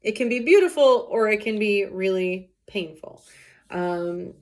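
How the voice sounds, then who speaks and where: A woman's voice: mid-range voice, lively intonation, a little slow. A woman teacher reading a play aloud and explaining it casually, with many fillers.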